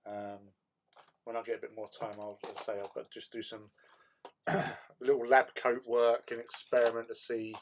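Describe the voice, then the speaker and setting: A man hosting a casual hobby livestream, chatting in a relaxed way and answering viewers' chat while he paints. He often repeats words as he thinks. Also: on the low side, slight background noise. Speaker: livestream host.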